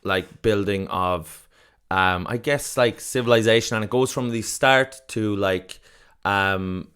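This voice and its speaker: A man's voice: on the low side, takes it slowly, a bit bright, smooth. A man from the south of Ireland with an Irish accent, chatting casually as a podcast guest, rambling and profane with lots of fillers. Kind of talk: casual chat.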